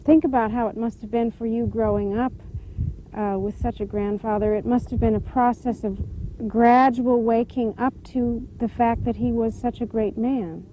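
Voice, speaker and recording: A woman interviewer asking gentle, hesitant questions. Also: a little high, steady tone, normal speed, muffled recording, a little hiss or hum.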